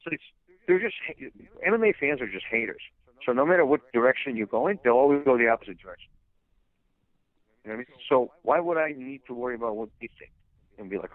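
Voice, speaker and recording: A man's voice: mid-range voice, very animated, quick pace, no room sound. A blunt man rants through a tinny phone line, his voice dry and close with no room around it. He talks as a fighter's manager, piling on fillers and restarts as he vents. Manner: blunt, ranting, many fillers. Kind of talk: phone interview.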